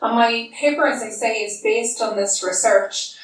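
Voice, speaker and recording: A middle-aged woman gives an academic lecture by remote link, measured and polite. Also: fairly high pitch, distant mic. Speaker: guest lecturer. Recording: remote audio played in a very echoey hall, faint hiss.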